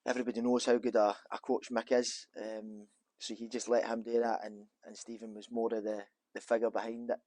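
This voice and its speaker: A man's voice: medium pitch, little pitch movement, brisk, warm tone, no room sound. Man chatting in an office interview. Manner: rambling, with frequent restarts and fillers. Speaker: former footballer, interview guest. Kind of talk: casual interview chat.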